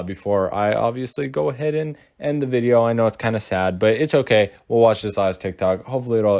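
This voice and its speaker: A young man giving casual reaction commentary, rambling with lots of fillers and calling his viewers bro and dude. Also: on the low side. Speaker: commentary youtuber.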